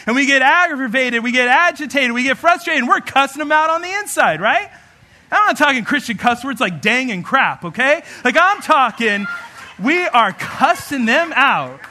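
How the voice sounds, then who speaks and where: A man preaching a sermon as pastor, animated and humorous, acting out everyday scenes. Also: very high-pitched, normal speed.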